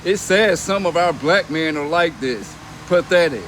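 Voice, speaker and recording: A man's voice: a little high, expressive, a little slow, a bit bright, slight background noise. A young man on a casual livestream, reading comments aloud and mocking them in a brash, profane way, laughing between lines. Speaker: reality TV personality reading comments on a live stream.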